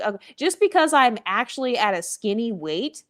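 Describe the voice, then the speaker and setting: A woman's voice: medium pitch, animated, moderate pace, hardly any pauses. Sassy, profane woman vlogger. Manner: sassy, blunt and profane, with mocking asides. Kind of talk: opinionated casual commentary.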